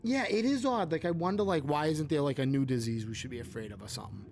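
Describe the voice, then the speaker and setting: A man's voice: fairly high pitch, quick pace, gravelly, a little mellow, soft background music. Rambling male podcast co-host. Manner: rambling, heavy use of "like". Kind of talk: casual political chat.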